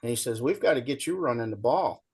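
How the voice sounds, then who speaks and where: A middle-aged man appears as a show guest, telling folksy stories in casual chat and acting out the people in them, including a shouting coach. He talks fast in a medium-pitched, husky voice.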